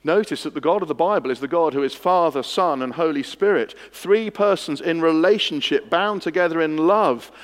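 A man preaching an expository sermon, swinging from hushed moments to emphatic ones. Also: fairly high pitch, normal speed, hardly any pauses. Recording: long hall reverb.

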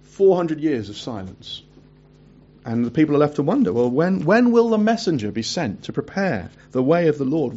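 A man's voice: mid-range voice, dark tone, husky. Chatty man preaching a sermon, muffled. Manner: chatty asides between scripture readings.

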